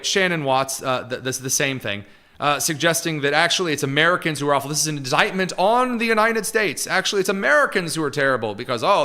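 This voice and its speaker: A man hosting a live political commentary show, with a sarcastic, mocking edge. His voice is bright and forceful and sits fairly high. His pitch swings widely as he talks.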